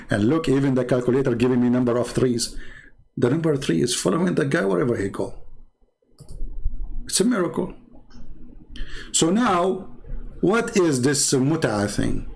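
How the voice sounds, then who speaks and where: A man with an Arabic accent, speaking as a channel host and giving mocking, sarcastic commentary. His voice drops to low mutters and jumps to high exclamations. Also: darkish tone. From Middle East. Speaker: Christian apologist channel host.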